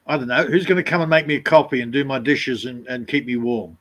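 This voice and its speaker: A man's voice: fast, a bit bright. A man in casual chat, blunt and jokey. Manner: blunt, jokey, mimics others in high voices.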